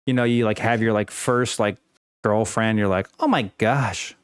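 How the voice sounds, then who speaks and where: A man's voice: lowish voice, moderate pace, clear, resonant tone, no room sound, clean studio sound. A young man ranting casually to the camera at home, rambling with many fillers and restarts and swearing freely. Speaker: vlogger. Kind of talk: unscripted personal rant.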